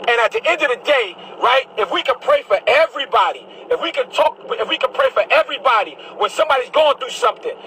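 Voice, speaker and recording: A man's voice: very high-pitched, expressive, fast talker, few pauses, pushed and bright, poor audio. A man from Brooklyn, a bishop delivering a heated, combative monologue to camera, repeating his phrases as he preaches. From Brooklyn, New York.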